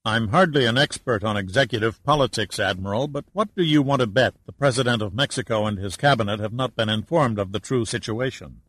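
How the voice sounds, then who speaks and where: A man's voice: mid-range voice, brisk, hardly any pauses, a bit bright, no echo, natural voice. A man doing a sly, probing investigator. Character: shrewd male investigator.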